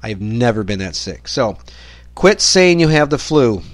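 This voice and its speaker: A man's voice: mid-range voice, very animated, a little slow, no room sound. A man hosting his own podcast, ranting in a rambling solo monologue full of swearing and exasperation. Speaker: podcast host.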